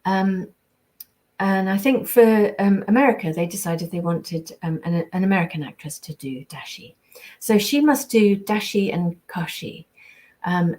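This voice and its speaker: A woman's voice: fairly low pitch, a little mellow. A British woman, a voice actress, chatting casually on a live signing stream, reading out viewer comments and answering them. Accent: British English.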